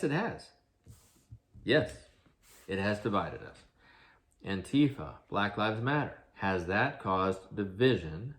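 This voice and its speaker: A man, a father of a grown son, giving an earnest commentary monologue full of rhetorical questions and restarts. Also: fairly low pitch. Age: adult, father of an eighteen-year-old. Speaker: video commentator.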